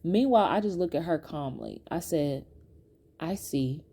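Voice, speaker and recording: Woman podcast host doing storytime, chatty and animated, laughs a lot, warm mellow voice. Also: on the low side, moderate pace. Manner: chatty and animated, laughing often, talking straight to the audience. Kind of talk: casual storytime to viewers.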